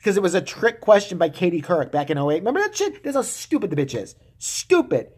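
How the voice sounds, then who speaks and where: Husky-voiced man ranting profanely. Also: high-pitched, very animated, a little fast, darkish tone. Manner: vulgar, mocking, heated. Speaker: vlogger. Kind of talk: profane solo rant.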